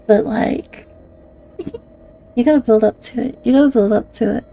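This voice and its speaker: A woman's voice: on the high side, unhurried, creaky, mellow. A woman streamer chatting casually on a live stream, giggling often, self-conscious and swearing a lot.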